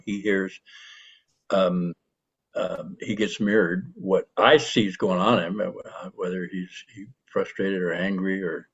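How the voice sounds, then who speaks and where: Deep husky older man, lo-fi. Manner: calm, explanatory, frequent hesitations. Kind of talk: podcast conversation. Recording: dull lo-fi sound.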